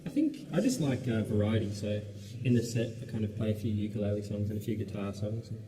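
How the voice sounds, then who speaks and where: An Australian musician guest in a casual radio interview, relaxed and rambling with lots of fillers. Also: male voice, fairly low pitch, fast. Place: radio studio. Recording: roomy, distant mic, background noise.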